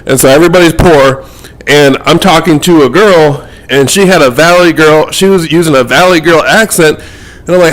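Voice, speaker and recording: A man's voice: fairly high pitch, moderate pace, low-quality recording. A man talking to camera about his work as a metaphysical mentor, in a casual monologue that rambles and repeats words as he thinks.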